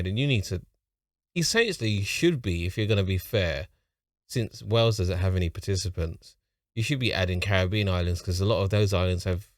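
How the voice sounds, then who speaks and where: A man's voice: low-pitched, dry recording, clean studio sound. A man with a London accent hosting a reaction video, talking in a rambling, offhand way and chuckling at his own remarks. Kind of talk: casual reaction commentary.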